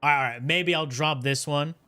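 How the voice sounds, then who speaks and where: A man's voice: fairly high pitch, a little slow, pushed and bright, clear, resonant tone. A man streaming a game, chatting casually with his viewers in a rambling, self-mocking way. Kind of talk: casual game livestream chat.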